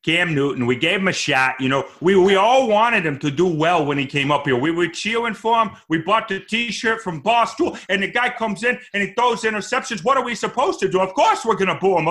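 A man's voice: sits high, pushed and bright. A man voicing a mocking, ranting male Boston sports fan with a put-on Boston accent. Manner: sarcastic, ranting.

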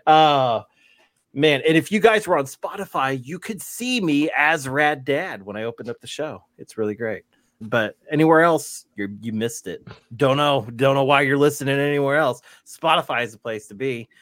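A man's voice: medium pitch, moderate pace, a bit bright, dry recording. A man hosting a podcast in casual chat, rambling and laughing through his words. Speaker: podcast host.

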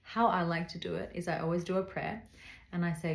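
A woman's voice: on the low side, steady tone, a little fast, vocal fry, reverberant. A woman hosting a podcast, giving casual faith-based advice in an earnest, direct way and speaking straight to the listener. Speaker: podcast host.

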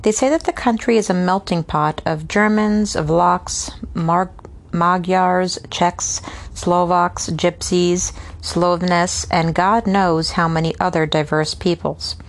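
Casting note: woman, lower-pitched voice, casual read-aloud of a classic novel with asides; steady but stumbles over unfamiliar names. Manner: reads steadily, stumbles on hard names and pauses for unscripted asides. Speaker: reader.

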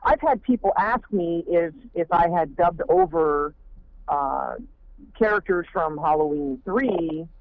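A man's voice: sits high, very animated, slow pace, vocal fry, a little hiss or hum. A man, a fan film director, talking in a rambling way with many fillers and restarts. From Maine. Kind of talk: casual interview talk. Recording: muffled phone line.

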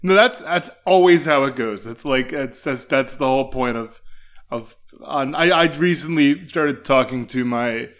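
A man interviewing a guest in casual chat, friendly and halting, with many restarts. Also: mid-range voice, a bit bright. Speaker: interviewer, voice actor.

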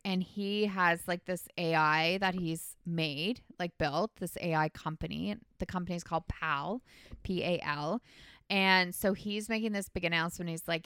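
A woman's voice: on the low side, measured pace, pushed and bright, clear, resonant tone, no room sound, clean studio sound. A woman hosting a podcast, casually retelling a movie's plot in a rambling way, full of "like" and "um". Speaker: podcast host. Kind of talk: casual movie recap chat.

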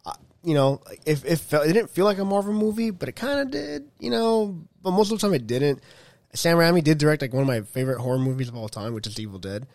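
A man's voice: on the high side, animated, quick pace, a little mellow, dry recording. Joking, hesitant male podcast guest. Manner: jokey, hesitant, repeats words. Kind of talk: casual movie review chat.

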